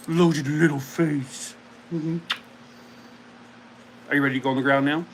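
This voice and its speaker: A man's voice: medium pitch, a little hiss or hum, poor audio. A man hosting a casual live stream from home, chatting and cooing at his dog. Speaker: streamer host.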